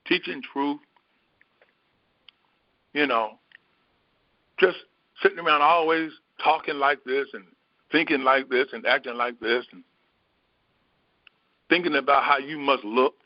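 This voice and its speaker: Middle-aged man, mid pitch, reflective Bible teacher thinking aloud; dull dry lo-fi take. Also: dry recording. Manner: unhurried, repetitive, musing aloud. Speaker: spiritual teacher.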